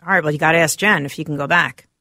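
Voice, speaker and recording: A woman's voice: low voice, fairly even intonation, rapid-fire, bright, forceful tone, dry recording. A woman co-hosting a radio show, chatting casually in the studio and reading answers aloud from her phone.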